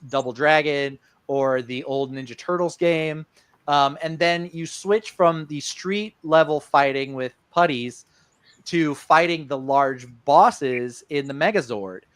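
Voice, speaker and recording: A man's voice: a little high, a bit bright, dry recording. Guy cohosting a podcast, rambles a lot w ums, dry close sound. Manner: rambling with many ums and uhs. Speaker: podcast co-host. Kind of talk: casual chat.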